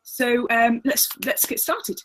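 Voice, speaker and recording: A woman's voice: fairly high pitch, takes it slowly, fairly bright tone, slight background noise, rough recording. A woman hosting a live advice webinar, chatty and loose, with fillers and laughs, speaking at her computer. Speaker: host and agony aunt.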